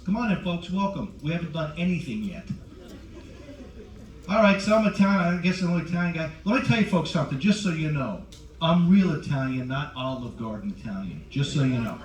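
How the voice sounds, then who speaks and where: A man's voice: a little high, highs cut off. A middle-aged male stand-up comedian in a cruise ship show lounge, brashly teasing the audience as he works the crowd. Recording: roomy, distant, faint crowd ambience.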